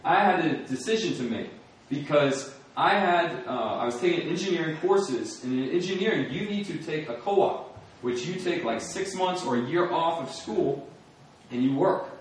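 A man's voice: a little high, animated, normal speed, slight background noise. Distant echoey man telling a testimony. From United States. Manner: storytelling, laughs often. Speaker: speaker at a church or campus ministry gathering. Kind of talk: testimony sermon. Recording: echoey room from far off.

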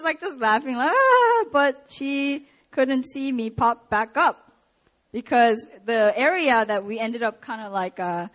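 Woman, young adult, preacher, sermon, personal storytelling, higher voice. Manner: animated storytelling with laughs and acted-out quotes.

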